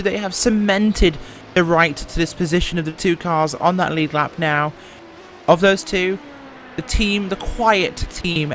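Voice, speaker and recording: A woman's voice: lowish voice, slight background noise. A woman co-commentating a sim race live, chatty and upbeat, adding analysis and light banter. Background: music playing underneath.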